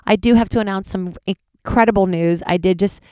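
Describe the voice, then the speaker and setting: A woman in her thirties, a comedian, chatting alone from her closet, candid and swearing, sounding tired and jumping into high squeaky voices for her own reactions. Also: fairly quick, a little mellow, clean tone, no echo, clean studio sound. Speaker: comedian podcast host. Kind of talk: casual solo chat.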